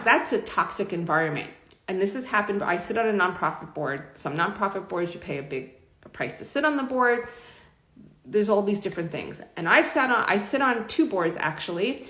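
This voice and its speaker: A middle-aged woman speaks in a frank, emotional, rambling way as she tells her own story to camera. Her voice sits at an ordinary pitch for a woman. The room around her rings with a noticeable echo. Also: bright, forceful tone. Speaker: vlogger. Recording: echoey room.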